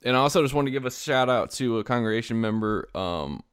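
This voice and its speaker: A man co-hosting a podcast in loose, animated chat, laughing often and mimicking voices. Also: mid-range voice, fast, clear, resonant tone, no room sound, clean studio sound. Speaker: podcast co-host. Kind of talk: casual chat.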